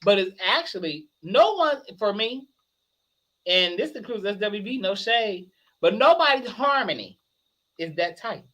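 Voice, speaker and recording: A man chatting casually as a guest, an animated storyteller who laughs often and sounds a little tipsy. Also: high voice, measured pace. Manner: animated storyteller, laughs a lot, hoarse shouts when excited. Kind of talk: casual chat.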